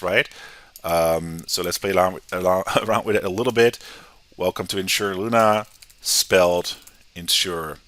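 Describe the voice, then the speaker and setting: An American man giving a casual, conversational software tutorial, often checking in with "right?". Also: low voice, dry recording. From United States. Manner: relaxed, conversational, often tags sentences with "right?". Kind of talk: screen-recorded software tutorial.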